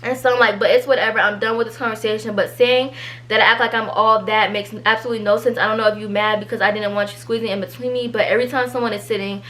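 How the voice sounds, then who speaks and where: A teenage girl, telling a storytime vlog and reading out an argument, animated and exasperated. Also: on the high side. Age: teens. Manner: animated, exasperated, quick asides. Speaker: vlogger.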